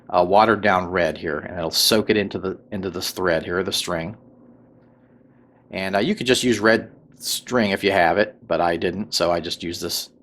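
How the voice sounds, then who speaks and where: A man hosting a tabletop crafting tutorial, talking through each step in a relaxed way with many fillers and little check-ins. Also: deep voice. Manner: relaxed, filler-heavy, checks in with "right?" and "okay?". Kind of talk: casual craft tutorial voice-over.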